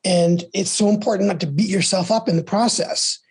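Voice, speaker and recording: Middle-aged guy giving heartfelt advice, husky voice, keeps repeating himself. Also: sits high, steady tone, brisk. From United States. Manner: repeats words and restarts, soft trailing ends. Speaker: podcast guest. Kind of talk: earnest conversational advice.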